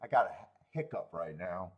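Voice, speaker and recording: A man hosting a horse racing betting livestream, thinking aloud through the odds and cracking himself up with loud bursts of laughter. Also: deep voice, lively intonation, moderate pace, dull audio. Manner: thinks aloud, laughs at his own jokes; loud bursts when amused. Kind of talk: casual livestream handicapping commentary.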